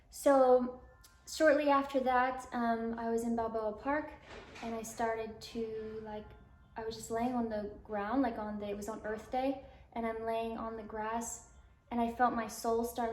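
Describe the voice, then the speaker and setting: A woman's voice: fairly high pitch, darkish tone, echoey room. A woman from Alabama in her twenties, guest in an interview, rambling through her life story and acting out quoted dialogue with lots of "like". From Alabama, US South.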